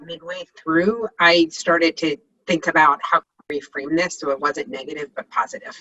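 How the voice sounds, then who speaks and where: A woman speaks earnestly and eagerly over a video call. Her voice is husky yet bright, and the audio is muffled. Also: low voice, steady tone, normal speed. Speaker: workshop participant.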